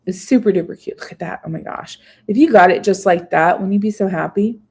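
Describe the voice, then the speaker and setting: A woman's voice: mid-range voice, quick pace, vocal fry, a little mellow, breathy edge. Chatty woman reading a food menu. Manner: chatty, reads menu items aloud with little asides. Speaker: food vlogger. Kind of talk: casual live-stream chat reading a festival menu.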